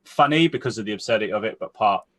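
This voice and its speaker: Low-voiced man rambling about films. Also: animated, very fast, a bit bright. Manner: rambling, thinks aloud in long winding sentences. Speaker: film podcast co-host. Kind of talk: casual film chat.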